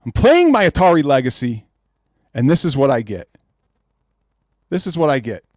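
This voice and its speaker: A man's voice: medium pitch, very animated, moderate pace, a little mellow, no room sound, studio quality. A man hosting a live-streamed gaming podcast, ranting in an exasperated way, repeating himself and reading out names from the chat. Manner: exasperated, repetitive, reads chat names aloud. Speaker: podcast host.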